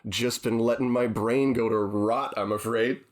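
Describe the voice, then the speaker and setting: A man's voice: medium pitch, steady tone, moderate pace. A man co-hosting a podcast, chatting casually in a rambling, self-deprecating and jokey way. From Texas. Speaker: podcast co-host. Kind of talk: casual chat.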